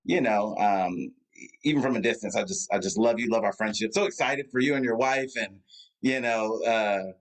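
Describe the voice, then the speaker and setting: This American pastor, a guest on a video call from around Atlanta, has a lowish voice and speaks at a moderate pace. The audio is poor, and his casual conversation rambles, full of fillers and false starts.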